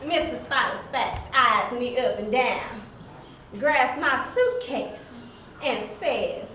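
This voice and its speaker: A woman playing a petite, spirited young singer, telling her story on a stage in a lively, folksy manner. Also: on the high side, takes it slowly, a little hiss or hum. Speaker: narrator of a one-woman stage play. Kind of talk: theatrical storytelling. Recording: echoey hall from far off, faint music.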